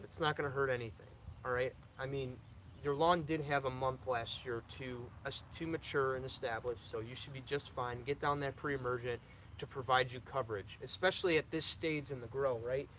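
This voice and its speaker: A young man hosts a live question-and-answer stream, reading viewer questions aloud and answering them. He talks casually and repeats himself, tripping over words now and then. His voice sits at an ordinary pitch, with a faint hum of noise in the background. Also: a bit bright, rough recording. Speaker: lawn care channel host.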